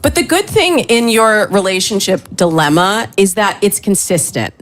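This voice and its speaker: An upbeat woman speaks as a dating coach on a talk show. She gives advice in a lively, reassuring way that keeps moving quickly. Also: medium pitch.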